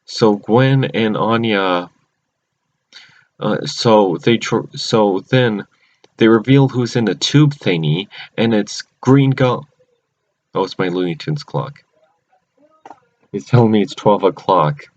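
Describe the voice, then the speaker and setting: A man's voice: fairly low pitch, lively intonation, slow, pauses often, darkish tone. A man casually recapping cartoon episodes, rambling and often restarting or correcting himself mid-sentence. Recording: dull lo-fi recording.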